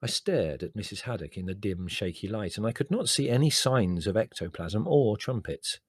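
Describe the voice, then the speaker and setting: A man narrates a comic memoir with wry, understated humour. His pitch moves in a lively way, and the recording is dry and close. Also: normal speed, husky, no echo. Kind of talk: audiobook reading of a memoir.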